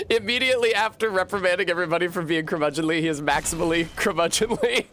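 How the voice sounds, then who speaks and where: A man's voice: high-pitched, quick pace, few pauses, bright, forceful tone, slight background noise. A man streaming a game, chatting casually in a profane, rambling way and laughing often. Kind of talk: casual gameplay chat.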